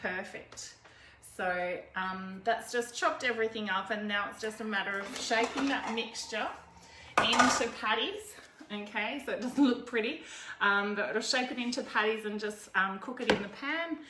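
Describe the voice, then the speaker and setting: A woman's voice: mid-range voice, moderate pace. A woman hosting a live cooking demo from her home kitchen, chatty and rambling, laughing often between steps. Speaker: cooking video host. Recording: echoey kitchen, faint background noise.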